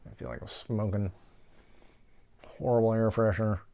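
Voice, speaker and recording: A man's voice: on the low side, fairly even intonation, moderate pace, mellow. A man hosting a casual movie-riffing show from his office, rambling and swearing as he rants. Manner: rambling, profane, ranting. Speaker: show host.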